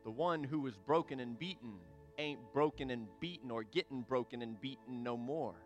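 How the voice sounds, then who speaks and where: A man's voice: mid-range voice, normal speed, soft background music. A male pastor preaching a sermon in an emphatic, repetitive cadence. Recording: long reverb of a large hall.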